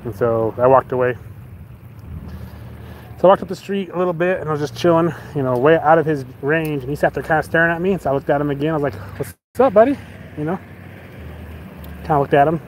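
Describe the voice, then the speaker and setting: A man's voice: on the high side, fast talker, long pauses, a little hiss or hum, rough recording. A man casually telling a story, acting out the voices of the people in it, often laughing. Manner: animated, acts out both sides with shouted quotes. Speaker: vlogger.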